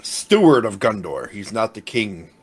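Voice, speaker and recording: A man co-hosting a podcast, retelling movie scenes in a rambling, animated way with casual swearing. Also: lowish voice, a little slow. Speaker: podcast co-host.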